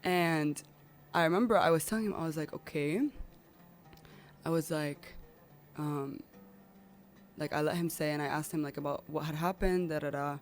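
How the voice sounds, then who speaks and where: A woman's voice: deep voice, moderate pace, pauses often, faint music behind. A woman guest on a podcast telling a personal story in an emotional, rambling way.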